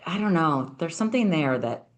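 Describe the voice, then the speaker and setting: A woman's voice: low voice, expressive, moderate pace. A woman hosting a podcast, talking in an earnest, personal way and affirming her guest. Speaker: podcast host. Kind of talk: casual conversational interview.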